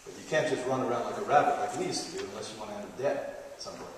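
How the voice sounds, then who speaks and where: A man's voice: on the low side, racing, far from the mic, a little hiss or hum. Joking man lecturing in an echoey hall. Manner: joking, playful storyteller. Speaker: health lecturer. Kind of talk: live lecture to an audience. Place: large hall. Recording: echoey hall, taped from afar.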